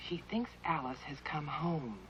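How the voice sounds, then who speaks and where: A woman's voice: low voice, expressive, measured pace, fairly bright tone. A troubled, pleading woman. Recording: dull old TV soundtrack, faint hiss.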